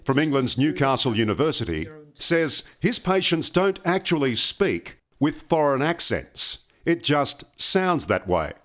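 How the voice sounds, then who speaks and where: A man narrating a TV news story in a measured, scripted way. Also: fairly high pitch, very animated, a bit bright. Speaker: reporter and narrator. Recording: narration over music.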